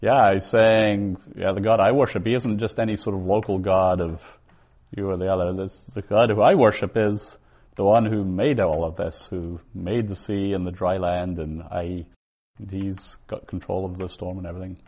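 A man teaching a Bible Hebrew class, explaining slowly, word by word. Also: low voice, fairly even intonation, darkish tone. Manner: slow, deliberate, word-by-word explaining. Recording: dull lo-fi recording.

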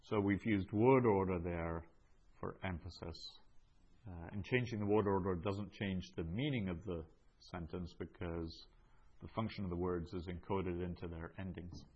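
Male teacher, unhurried delivery with fillers, dull muffled recording. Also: sits low, steady tone, breathy edge. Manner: slow, measured, with many fillers. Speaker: Greek teacher. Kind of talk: classroom lesson, going over answers.

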